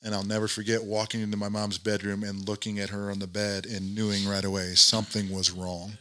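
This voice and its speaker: A man's voice: fairly low pitch, flat delivery, a little fast, bright, forceful tone, no echo. A middle-aged man recounting a painful memory in an interview, earnest and reflective, with many fillers. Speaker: guest. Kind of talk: personal storytelling in an interview.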